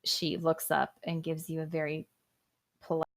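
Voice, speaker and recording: Gravelly-voiced woman game master. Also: low voice, completely flat delivery, moderate pace. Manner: descriptive, with frequent "um"s. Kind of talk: narrating a one-on-one tabletop game.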